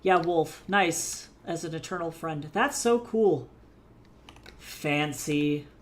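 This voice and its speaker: A casual art streamer rambling to chat between brush strokes, loose and unfiltered, with the odd swear. The voice sits at a middle pitch. A faint hum of noise runs under it. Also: lively intonation, takes it slowly. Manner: loose and chatty, swears freely, talks to chat while working. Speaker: art livestreamer. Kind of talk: casual livestream chat while drawing.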